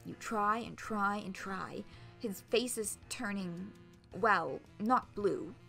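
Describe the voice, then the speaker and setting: A woman streamer reading a visual novel aloud, expressive, laughing often and swearing casually. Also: mid-range voice, takes it slowly, gravelly, soft background music.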